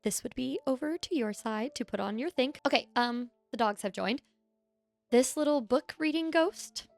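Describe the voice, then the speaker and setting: High-voiced, effusive young woman co-host. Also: normal speed, gravelly, a little mellow, dry recording, faint music behind. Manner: emotional, effusive. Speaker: podcast co-host. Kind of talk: casual chat.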